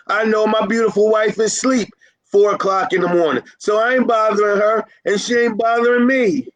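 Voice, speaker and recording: A man's voice: high-pitched, steady tone, brisk, low-quality recording. A man coaching carpet cleaners in an informal, emphatic talk, fired up, repeating his points and teasing his listeners. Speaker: carpet cleaning business consultant. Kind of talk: informal motivational business talk.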